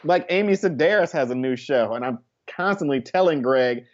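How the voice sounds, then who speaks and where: A man's voice: a little high, lively intonation, brisk, hardly any pauses. Slangy male comedian, slightly dull sound. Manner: loose, rambling, slangy, with playful impressions. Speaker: comedian guest. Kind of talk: casual comedy interview.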